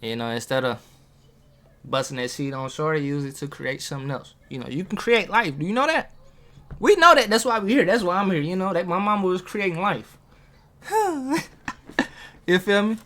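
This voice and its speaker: A man giving a casual motivational talk to viewers. He uses street slang, asks them questions and gets hyped, with big jumps in pitch. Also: lively intonation, moderate pace, pauses often, fairly bright tone. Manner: talks straight to viewers, asking questions. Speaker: motivational vlogger.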